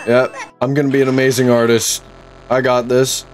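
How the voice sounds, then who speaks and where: A young man doing casual gameplay commentary, excitable and swearing, often breaking into laughter. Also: medium pitch, moderate pace, music in the background. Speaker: gaming YouTuber.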